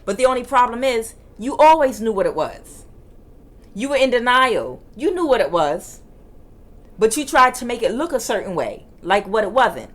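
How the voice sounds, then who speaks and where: A woman reading tarot cards in a forceful, emphatic way that can sound like yelling, repeating her phrases for emphasis. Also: a little high, very animated, moderate pace. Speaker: tarot reader.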